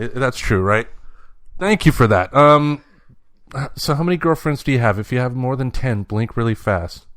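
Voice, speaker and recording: A man's voice: medium pitch, lively intonation, moderate pace, a bit bright, dry recording, studio quality. A man hosting a podcast in a casual chat and teasing his young guest with jokes. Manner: teasing, joking interviewer. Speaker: podcast host.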